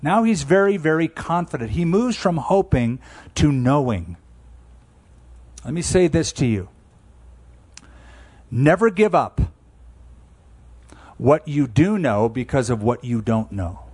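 Emphatic preaching man, somewhat high voice. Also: lively intonation, a little mellow, husky. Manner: emphatic, conversational preaching with slowed key phrases. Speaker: pastor. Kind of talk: sermon.

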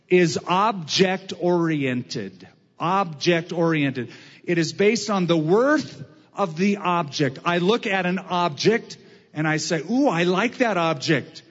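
A man preaching a sermon as pastor, slow and emphatic with drawn-out phrases. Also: high-pitched, big-room sound, muffled recording.

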